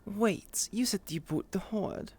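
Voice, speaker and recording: A woman's voice: mid-range voice, measured pace, darkish tone, husky. A woman from Bristol with a Bristol accent, chatting casually out of character as a streamer in a VR role-play, in a self-deprecating way. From Bristol, England.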